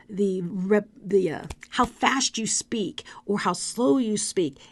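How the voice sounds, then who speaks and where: A middle-aged woman, a speaker coach, giving an animated motivational talk with demonstrative asides. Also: medium pitch.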